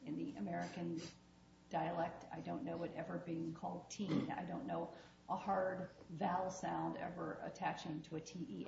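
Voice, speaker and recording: A woman's voice: fairly low pitch, vocal fry, a little mellow. A woman, an appellate judge, questioning a lawyer from the bench in a blunt, wry, conversational way. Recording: roomy, dull courtroom audio with faint noise.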